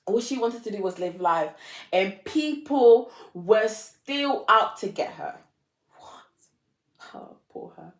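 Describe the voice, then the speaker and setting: A woman's voice: medium pitch, animated, slow, reverberant. A young woman talking to camera in a dramatic, self-mocking confessional monologue, repeating lines for effect. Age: young adult. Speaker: vlogger.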